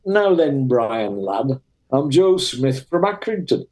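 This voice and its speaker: A man's voice: mid-range voice, sing-song, takes it slowly, a little mellow. A man voicing an older male race steward with a strong Lancashire accent and a folksy way of calling people "lad". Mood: friendly. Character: older male racing official, gruff and friendly.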